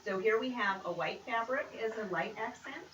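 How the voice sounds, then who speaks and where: A woman's voice: fairly high pitch, expressive, moderate pace, a bit bright. A woman presenting a quilting demonstration in a casual, chatty way with upbeat asides. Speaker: quilt pattern designer presenting. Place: creative center studio. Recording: roomy, distant, noisy room sound.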